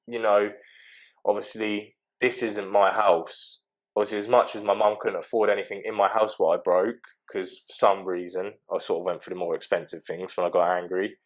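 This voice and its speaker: A young man with a low voice speaks as a podcast guest. He talks casually and haltingly, full of fillers and restarts. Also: rough recording. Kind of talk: casual interview talk.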